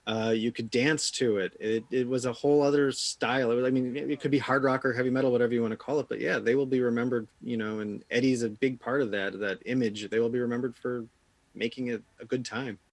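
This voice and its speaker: A man's voice: mid-range voice, fairly even intonation, quick pace, dry recording. A man answering a news interview about music in a casual way, with many fillers. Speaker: music journalist guest.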